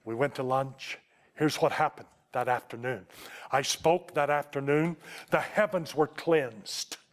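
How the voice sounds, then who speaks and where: Preacher guy telling his story from the pulpit, emotional, drops real quiet then comes back up. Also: medium pitch. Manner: emotional testimony, slows to a hush at tender moments. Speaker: Baptist preacher. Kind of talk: storytelling sermon.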